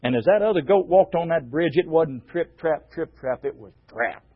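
A man's voice: a little high, expressive, normal speed, breathy edge. A man preaching a fervent, emphatic sermon to a group of men. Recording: dull lo-fi recording.

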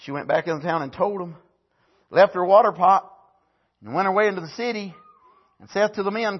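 Fervent preacher, husky and high. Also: male voice, fairly quick, pauses often, muffled recording. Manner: fervent, swings from loud shouts to low asides, frequent amens. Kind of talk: sermon.

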